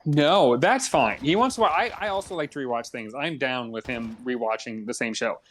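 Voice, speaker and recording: A man's voice: mid-range voice, normal speed, a bit bright, slight background noise. Young male podcast co-host, chatty storyteller, mid-range voice, easygoing. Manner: chatty storyteller, acts out both sides of a story. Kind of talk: casual gaming podcast chat.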